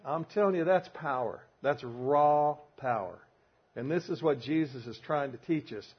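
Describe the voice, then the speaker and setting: An older man with a Southern drawl delivers a sermon to a men's Bible study group, leaning hard on homespun stories. His voice is husky, and he drives each point home with emphasis. The recording sounds dull and lo-fi. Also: on the high side, moderate pace. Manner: emphatic, folksy storytelling.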